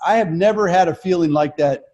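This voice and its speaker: An older man swaps stories in a loose comedians' chat. His voice sits a little high, and he jumps from halting restarts into lively acted-out quotes. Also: lo-fi sound. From Colorado. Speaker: guest comedian. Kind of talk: casual chat.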